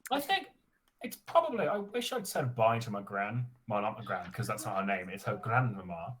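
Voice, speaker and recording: Man co-host; meandering, hesitant delivery, animated intonation, wry. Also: lowish voice, moderate pace. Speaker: podcast co-host. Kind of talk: casual chat.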